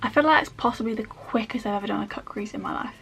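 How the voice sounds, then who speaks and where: A woman's voice: medium pitch, fast, gravelly, fairly bright tone, soft background music. A woman chatting her way through a makeup tutorial at home, rambling with self-mocking asides as she works. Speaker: makeup vlogger.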